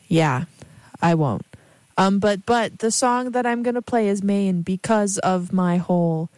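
A young woman talks casually between songs, wandering from thought to thought with plenty of fillers. Her voice sits a little low. It is recorded dry and close, with no room sound. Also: dark tone, no room sound. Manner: rambling, chatty, many fillers and asides. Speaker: radio host.

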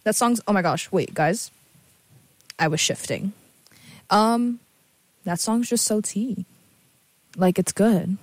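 A woman's voice: mid-range voice, slow pace, long pauses, no echo. Sleepy young woman rambling between songs. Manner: rambling, scattered with fillers and self-corrections. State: sleepy, yawning. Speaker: host playing and introducing songs. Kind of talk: casual chat.

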